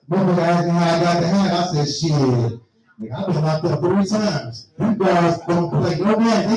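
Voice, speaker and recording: A man's voice: a little high, dark tone. A man from Milwaukee doing a stand-up comedy set, telling rambling, profane stories and acting out what people said to him. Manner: profane, rambling storytelling with acted-out quotes. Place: live comedy venue. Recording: roomy echo, voice from far off.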